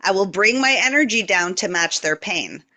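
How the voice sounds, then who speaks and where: Bright, earnest podcast guest voice. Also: mid-range voice, lively intonation, moderate pace. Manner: earnest, explanatory, guides visualizations. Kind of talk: casual spiritual chat.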